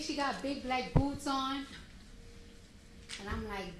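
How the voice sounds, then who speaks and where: Woman witness, high voice, blunt slangy storytelling, roomy courtroom, faint hiss. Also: moderate pace, pauses often. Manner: blunt and animated, slangy street speech, acts out quotes. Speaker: witness testifying. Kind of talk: courtroom testimony, retelling a confrontation.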